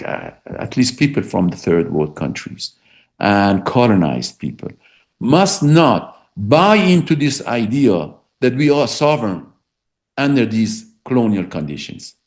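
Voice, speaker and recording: A middle-aged man, a political science professor and English speaker, speaking emphatically in an interview and repeating words for stress. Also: mid-range voice. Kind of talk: academic interview.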